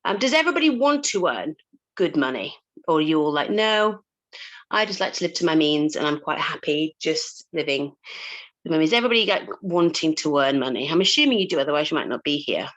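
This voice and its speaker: A woman's voice: low voice, animated, a little fast, fairly bright tone, highs cut off. A woman coach talking casually to a group, chatty, with frequent laughs and fillers and casual swearing. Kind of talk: casual talk to a live group.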